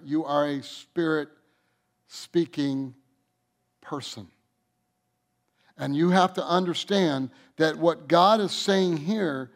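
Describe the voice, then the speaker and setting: A male pastor preaching a sermon at a deliberate, unhurried pace. His voice sits a little high for a man, and he stretches the words he wants to land. Phrase endings drop away quietly. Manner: emphatic preaching, slows down to stress points, drops soft at phrase ends.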